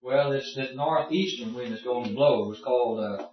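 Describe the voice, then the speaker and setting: This is an informal Bible lesson where a man with a mid-range voice speaks at a moderate pace, explaining in a homespun manner and stopping to ask his students things. The audio is muffled, the room echoes a lot, and he sounds distant from the mic.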